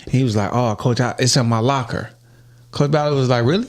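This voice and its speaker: A man hosting a podcast, telling a story in casual chat, profane and animated and often laughing. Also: mid-range voice, fairly quick. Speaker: podcast host.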